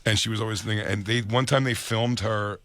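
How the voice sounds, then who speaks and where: Low-voiced man hosting a radio show. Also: steady tone, fairly quick, a bit bright, dry recording. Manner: rambling storyteller, acts out voices, laughs often. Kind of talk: casual crude radio banter. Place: radio studio. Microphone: studio microphone.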